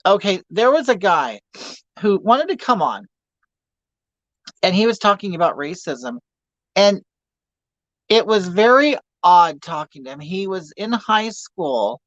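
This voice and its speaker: A man's voice: high voice, sing-song, a little slow, long pauses, fairly bright tone, no room sound, dull audio. A man in his fifties hosting a livestream in a campy, gossipy way, greeting viewers and telling crude jokes. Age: 50s. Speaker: livestream host. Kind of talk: casual livestream chat reading viewer comments.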